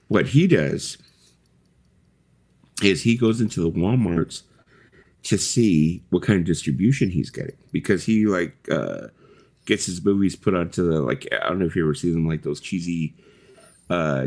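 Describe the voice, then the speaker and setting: A man's voice: deep voice, unhurried, a little mellow. A middle-aged man hosting a casual live chat, telling rambling stories full of fillers and the odd swear word. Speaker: host.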